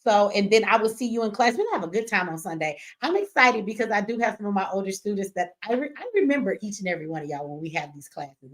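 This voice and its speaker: A woman hosting a casual live stream from home, chatty and slangy, cussing and reading viewer comments aloud. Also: mid-range voice. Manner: chatty, slangy, cusses and laughs often.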